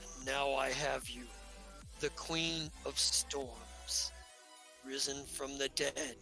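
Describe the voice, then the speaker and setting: A man voicing a cold, gloating male villain in a tabletop game, speaking in slow, menacing declarations. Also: medium pitch, steady tone, creaky, bright, forceful tone, soft background music, exaggerated voice, low-quality recording.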